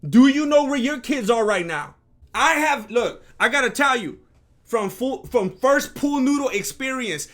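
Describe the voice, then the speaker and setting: High-voiced slangy man doing reaction commentary. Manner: slangy and rhetorical, calls people "fool"; swings from low mumbling asides to loud outbursts. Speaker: reaction video host.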